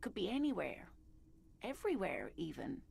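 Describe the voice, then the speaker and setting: An actress playing a gentle older woman who loves cryptids, speaking in a soft, breathy, creaky hush. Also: mid-range voice, very animated, normal speed, full character voice. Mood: hushed wonder. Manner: soft, wistful storytelling. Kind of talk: game character dialogue.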